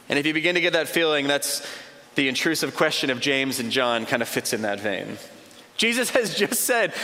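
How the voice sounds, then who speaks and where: Here a pastor preaches with a high, animated, bright and forceful voice at normal speed. His sermon is conversational, driven by repeated short phrases and imagined dialogue he plays out, heard in the long reverb of a large hall.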